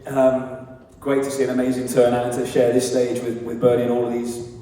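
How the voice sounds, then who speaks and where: A football head coach answering questions earnestly on stage, with many fillers and restarts. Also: male voice, medium pitch, monotone, a little fast, dark tone. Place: large hall at a live event. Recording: echoey hall, mic from far off.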